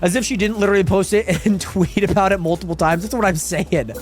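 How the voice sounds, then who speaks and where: A man's voice: high-pitched, steady tone, quick pace, faint music behind. A man streaming a game live, chatting casually with viewers and reading their messages aloud, often repeating himself. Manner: chatty, reads chat aloud, trails off and repeats words. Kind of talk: casual live-stream chat while gaming.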